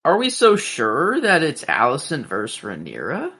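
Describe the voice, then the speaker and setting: Lively chatty man co-hosting a podcast. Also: on the high side, moderate pace, slightly rough. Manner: chatty, reactive, asks questions. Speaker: podcast co-host. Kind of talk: casual recap chat.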